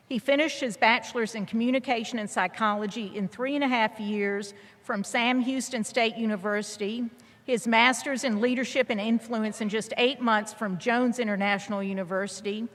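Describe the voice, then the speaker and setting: A woman's voice: on the high side, a bit bright. A woman introducing a guest speaker at a graduation ceremony, reading from a prepared text. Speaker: ceremony presenter. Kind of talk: formal introduction read aloud. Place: large hall. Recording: long reverb of a large hall.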